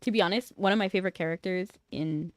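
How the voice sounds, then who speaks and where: A woman's voice: lowish voice, fast, no room sound, studio quality. A young woman chatting casually on a livestream, playful and teasing as she banters with her chat.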